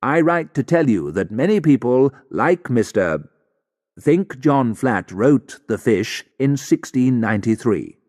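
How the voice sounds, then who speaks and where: Man as a pedantic letter writer, fussy, correcting, lively intonation, echoing. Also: medium pitch, unhurried.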